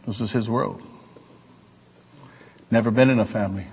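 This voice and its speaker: A male preacher giving an animated, joking sermon to his congregation. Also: lowish voice, moderate pace, vocal fry, husky, big-room sound. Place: church hall.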